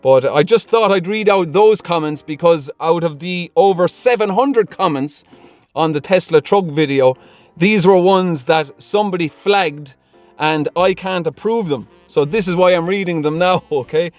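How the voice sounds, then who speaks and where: Chatty high-voiced man. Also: moderate pace, no room sound, faint music behind. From Ireland. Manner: chatty, laughs often between lines. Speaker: car vlogger. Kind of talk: casual Q&A vlog, reading comments.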